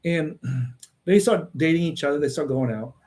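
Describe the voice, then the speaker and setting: Man, livestream host, casual monologue; brash, blunt delivery, a touch higher pitched than most. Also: normal speed, darkish tone. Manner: repeats "man" and "okay?" as tags.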